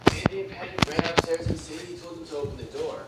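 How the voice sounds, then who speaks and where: A man reading a creepy story aloud in a flat, steady way. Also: fairly high pitch, fast. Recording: echoey room, distant mic, noisy.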